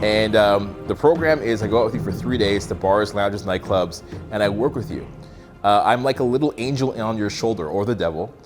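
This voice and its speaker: A man's voice: fairly low pitch, a little fast, music in the background. A man coaching in person, talking casually and with swearing, often acting out sample lines of dialogue. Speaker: social skills coach. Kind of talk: live in-person coaching demonstration.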